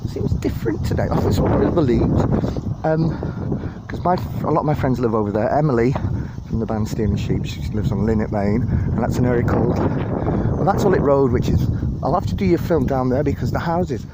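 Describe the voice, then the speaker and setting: Speaking in a mid-range voice with a Liverpool-area accent, a young man from Widnes, England, gives a casual walking tour of a city park as a vlogger. He's chatty, jokey, lively, and prone to rambling. He films on a handheld phone camera outdoors, so wind and park noise are clearly heard.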